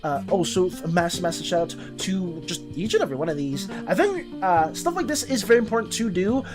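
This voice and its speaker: A woman artist streamer chatting casually on a live stream, animated and chatty as she greets and thanks viewers. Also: on the low side, fairly quick, over music.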